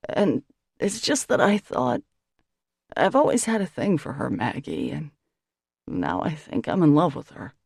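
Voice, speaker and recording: A woman's voice: deep voice, a little slow, creaky, pauses often, husky, no echo, clean studio sound, exaggerated voice. A woman reading an audiobook, voicing an impulsive, lovestruck man of twenty-six who blurts things out earnestly. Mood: hesitant. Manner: earnest and blurting, shouts when excited.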